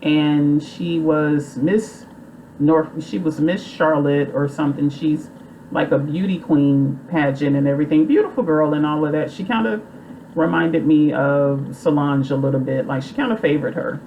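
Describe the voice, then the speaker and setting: A woman with a low voice recaps a movie plot in a rambling, chatty way, loose and full of fillers. A faint hiss of noise sits under her voice. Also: fairly even intonation, moderate pace, warm tone, rough recording. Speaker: movie reviewer.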